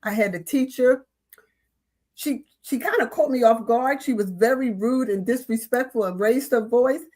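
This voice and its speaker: A woman on a panel telling a school story in a lively, animated way. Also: on the high side, moderate pace. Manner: animated storyteller, acts out quoted voices. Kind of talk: casual panel talk.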